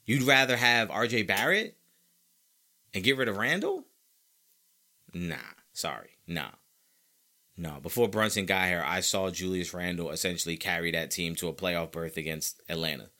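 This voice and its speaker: An opinionated man hosts a sports podcast, arguing his points casually and emphatically, often repeating himself for weight. His voice sits fairly low, yet its tone is bright and forceful. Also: moderate pace, pauses often. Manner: emphatic, animated and opinionated, with frequent repetition. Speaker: podcast host.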